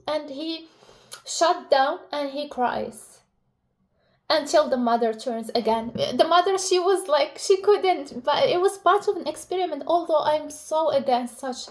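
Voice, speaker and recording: A young woman talks to her viewers in a loose, heartfelt way, full of fillers, self-corrections and restarts. Her voice sits high for a woman. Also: a little slow. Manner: chatty, emotional, many fillers and restarts. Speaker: relationship vlogger. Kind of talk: casual personal talk to camera.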